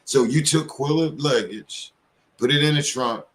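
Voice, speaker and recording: A man's voice: medium pitch, a little slow, a little hiss or hum. A man giving heated commentary as a show host, firing off rhetorical questions.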